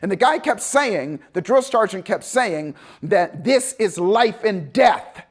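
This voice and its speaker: A man speaking as a motivational speaker tells a story to an audience. His voice sits high and moves easily, conversational and animated. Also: slow pace, husky.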